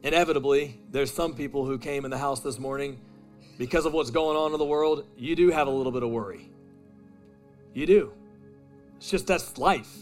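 A man preaching a sermon as pastor, swinging between loud emphatic lines and quiet intimate asides, telling stories in a casual way. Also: medium pitch, normal speed, pauses often, soft background music. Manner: casual storytelling with "man" and "dude".

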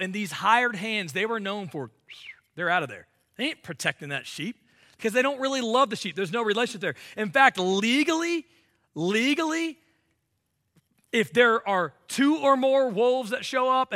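A high-voiced male pastor preaches in an animated, conversational style, putting rhetorical questions to his congregation.

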